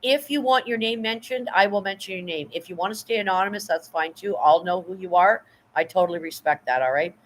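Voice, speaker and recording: This livestreamer, a middle-aged woman at home, talks briskly in a lowish voice as she shows her pantry. She's chatty and easily moved, thanking viewers while near tears; there's slight background noise and the recording is low quality.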